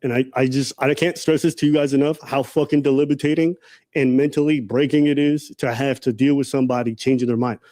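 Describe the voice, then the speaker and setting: Earnest man with a mellow voice. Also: mid-range voice, steady tone, fast, no room sound. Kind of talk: personal account.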